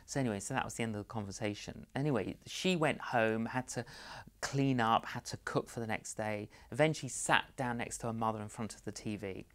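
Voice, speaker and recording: A man's voice: fairly low pitch, brisk. A middle-aged man from London, an evangelist guest telling anecdotes in an interview and acting out both sides of the conversations. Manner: animated storyteller, acts out both sides of conversations.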